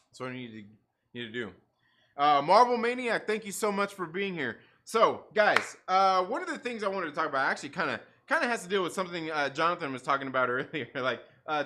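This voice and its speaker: A man with a bright, forceful, somewhat high voice hosts a casual livestream. He rambles and swears, laughing often, with plenty of "like" and restarts.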